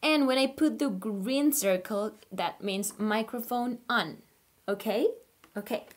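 A woman teaching an online kindergarten class, reading a picture book aloud in an upbeat, encouraging way. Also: a little high. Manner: upbeat, encouraging, slow and clear for small children. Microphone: computer microphone on a video call.

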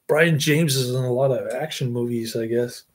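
Husky middle-aged male reviewer, unhurried, meandering chatty delivery with fillers. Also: mid-range voice. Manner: rambling, chuckling, filler-heavy. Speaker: movie reviewer. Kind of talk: casual rambling chat.

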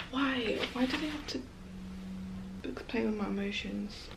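A young woman chatting casually in a home vlog about a book she loves, gushing and excited, and sometimes dropping to a soft whisper. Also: a little high, takes it slowly, creaky, heavy background noise. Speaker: book vlogger.

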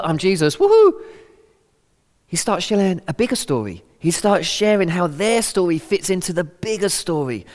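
A man's voice: fairly high pitch, big-room sound. A middle-aged man giving a conversational, earnest sermon talk, acting out quotes as he goes. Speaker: Christian speaker.

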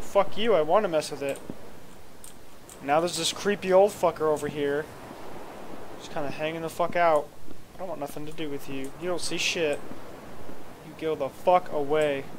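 A slightly high-pitched man gives loose, crude gameplay commentary, swearing and joking as he plays. He often mutters half to himself. Faint noise sits under his voice. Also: moderate pace, pauses often. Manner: mutters reactions to the game. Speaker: let's play host.

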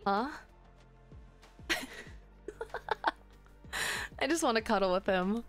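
A woman's voice: medium pitch, animated, slow pace, soft background music. Bawdy, playful woman streamer. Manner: playful, crude, flirty joking with chat. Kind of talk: casual live-stream chat while gaming.

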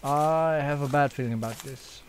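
A man's voice: a little high, moderate pace, slight background noise. A young man hosting a let's play, joking around, swearing and using lots of fillers. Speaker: gaming channel host.

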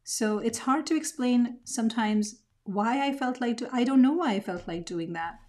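A woman's voice: on the high side, normal speed, a little mellow. A woman teaching a mixed media art lesson, talking reflectively as she draws and often searching for her words. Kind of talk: craft tutorial narration.

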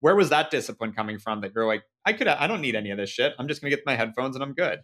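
A man's voice: mid-range voice, expressive, rapid-fire, sharp tone. A man hosting a podcast, asking curious follow-up questions and giving short affirmations. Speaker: podcast host. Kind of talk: conversational interview.

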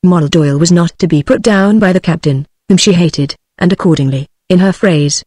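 A synthetic audiobook voice reads the story in a steady, middle-pitched tone. The sound is close and dry, with no room around it. Its delivery is even and machine-made throughout. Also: a little fast, no room sound. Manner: even synthetic text-to-speech reading. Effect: text-to-speech voice. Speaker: audiobook narrator. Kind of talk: scripted narration.

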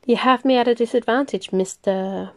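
A woman voicing a wounded, guarded young woman fighter who keeps her voice steady, in a storybook reading. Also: on the high side, moderate pace, no room sound, studio quality, lightly acted. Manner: trying to keep voice steady.

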